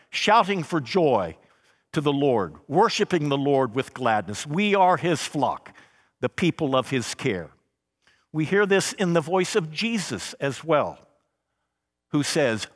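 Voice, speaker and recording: A man preaching a sermon, slow and emphatic, with dramatic pauses and scripture read aloud. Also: a little high, sing-song, in a large hall. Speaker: pastor.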